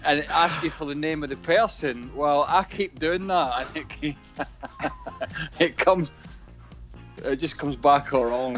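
A man's voice: fairly high pitch, unhurried, pauses often, a bit bright, soft background music. Rambling middle-aged man. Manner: rambling anecdotes, hesitant with many fillers. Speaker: football pundit, former player. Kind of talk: casual studio chat.

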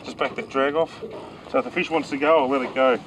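A man's voice: medium pitch, fairly even intonation, fast talker, fairly bright tone, rough recording. A man with an Australian accent hosting a fishing show from a small boat outdoors, talking in a chatty, enthusiastic way and exclaiming as he works a fish. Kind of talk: excited on-the-water fishing commentary. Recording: outdoor boat recording with water and engine noise.

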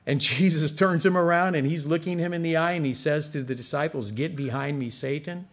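A man's voice: fairly high pitch, brisk. A male pastor preaching a sermon in an earnest, conversational way, speaking straight to his congregation and pushing harder on the points he stresses.

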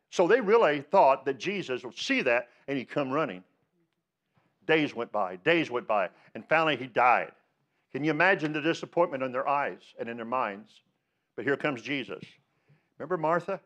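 A man's voice: fairly high pitch, animated, moderate pace, fairly bright tone, dull audio. A male pastor preaching a sermon, emphatic, asking rhetorical questions and rising on the words he stresses.

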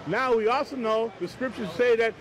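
A man's voice: extremely high pitch, normal speed, a bit bright. A man arguing defensively in a heated street debate, cutting in with short objections. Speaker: Christian debater. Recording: outdoor street noise behind the voice.

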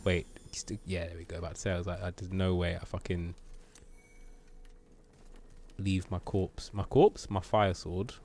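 A man's voice: deep voice, flat delivery, moderate pace, long pauses, mellow, slight background noise. A British man streaming a game live, chatting playfully with viewers and joking as he plays. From Britain. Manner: playful, banters with chat, jokes and mutters at the game.

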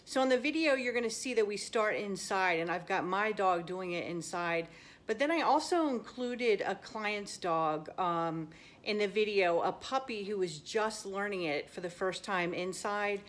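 A woman hosts a home obedience class for dogs in an instructional video, describing each step with friendly enthusiasm. Her pitch is medium and she talks at a normal speed.

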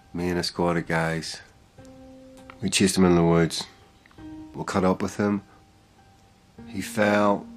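An actor playing an older retired police officer who speaks gravely and confides a long-kept secret. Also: male voice, low voice. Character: retired old lawman keeping a grim secret.

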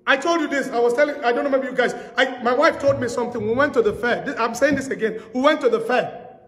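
A man's voice: extremely high pitch, quick pace, fairly bright tone. A man preaching a sermon as pastor, telling stories and repeating phrases for emphasis. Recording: echoey hall.

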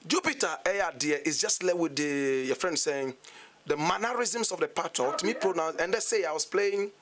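Animated Ghanaian man on radio. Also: a little high, normal speed, a crowd in the background. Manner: animated, switches between English and local phrases. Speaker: guest musician. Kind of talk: radio interview.

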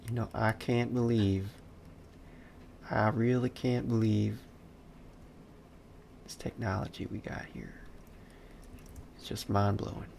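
Unhurried, gravel-voiced male instructor talking through his live modeling session, faint hiss in the recording. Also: lowish voice, lively intonation, darkish tone. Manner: muttering, self-talk, dry asides while working. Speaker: 3D modeling instructor streaming a class. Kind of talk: casual live-stream tutorial commentary.

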